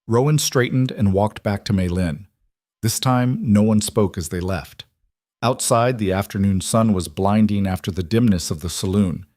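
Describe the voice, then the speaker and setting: Low-voiced man narrating a story. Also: moderate pace, darkish tone, no echo, clean studio sound. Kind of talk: scripted narration.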